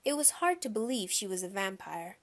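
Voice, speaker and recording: A woman narrating a children's audiobook in a lively, expressive reading style. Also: mid-range voice, a little fast.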